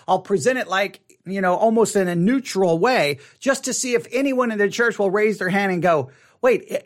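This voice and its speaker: A pastor leading an online Bible study in a casual teaching style, talking conversationally and asking the audience questions, with many restarts and repeated words. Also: male voice, high voice, a bit bright.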